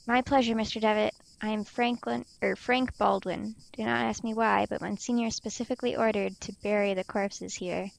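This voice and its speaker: A woman reading the lines of a gloomy male gravedigger who tends a graveyard beside a nursing home, in a plain, even read. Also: medium pitch, normal speed, vocal fry, few pauses, no room sound, rough recording.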